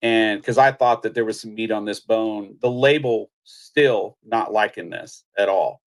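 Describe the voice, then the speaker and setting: A middle-aged man from Missouri, a country singer guesting on an interview show, telling anecdotes in a lively, casual way. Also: lowish voice, unhurried. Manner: animated anecdote-telling, acts out quotes, laughs.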